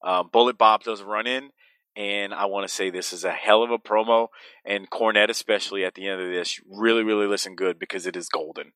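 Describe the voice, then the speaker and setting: A man hosting a casual podcast, talking excitably, swearing and laughing often. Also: on the low side, a little fast, clean tone, no echo. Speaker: podcast host.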